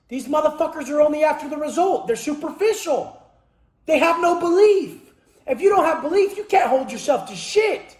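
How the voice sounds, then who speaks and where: A man with a notably high voice delivers a fierce motivational monologue in an echoey room. He swears constantly and keeps breaking into shouts, pushing every line hard. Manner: intense, forceful, swears constantly, bursts into shouts. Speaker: motivational speaker.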